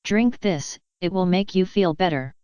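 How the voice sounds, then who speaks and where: A woman's voice: lowish voice, a little slow, clear, resonant tone, no room sound, muffled recording, close to an everyday voice. A woman voicing an ancient pony princess, a former warrior turned mentor, who speaks in a formal, commanding way. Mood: soothing.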